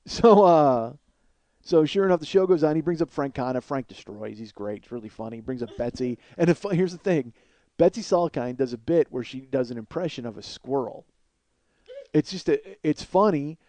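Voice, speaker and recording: A man's voice: mid-range voice, animated, moderate pace, dark tone, dry recording. A middle-aged man hosting a podcast, telling a long comic story in a rambling, profane, self-mocking way. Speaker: podcast host. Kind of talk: comedic storytelling monologue.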